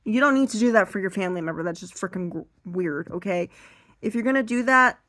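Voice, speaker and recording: A young woman talks through a stand-up set from a chair, her voice a little strained. She acts out family members and curses for emphasis, and her pitch sits in the middle. The sound is close and dry, with no room around it. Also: expressive, fast, fairly bright tone, dry recording. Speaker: stand-up comedian. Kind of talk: seated stand-up comedy monologue.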